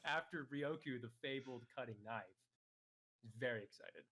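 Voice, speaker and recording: Male player, casual and jokey, bright forceful tone. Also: medium pitch, normal speed, slight background noise. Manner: joking, laughing. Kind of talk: casual game chat.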